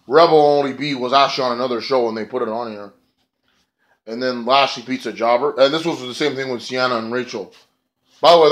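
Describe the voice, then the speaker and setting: A man talking through a wrestling episode in a loose, rambling way. He swears freely and leans on sarcasm, with a mid-range voice. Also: medium pitch. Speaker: wrestling show reviewer. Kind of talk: casual spoken review.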